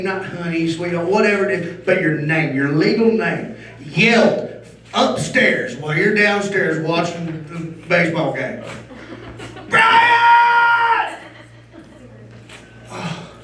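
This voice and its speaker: Loud, high-voiced stand-up comic, echoey. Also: male voice, slight background noise. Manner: loud, animated, punchy jokes with shouted bursts. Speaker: stand-up comedian. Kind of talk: stand-up comedy set. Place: comedy venue stage before a live audience. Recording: echoey room from far off.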